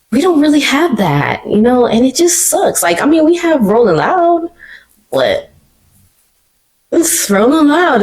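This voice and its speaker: A woman hosting her own podcast, talking alone in an animated, emotional and slangy way. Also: fairly low pitch, creaky, poor audio. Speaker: podcast host. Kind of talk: casual solo commentary. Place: living room.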